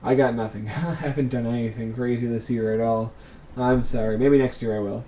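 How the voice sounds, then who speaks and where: A young man answering viewer questions in a casual vlog, thinking aloud with lots of ums and pauses. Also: mid-range voice, steady tone, mellow, slight background noise.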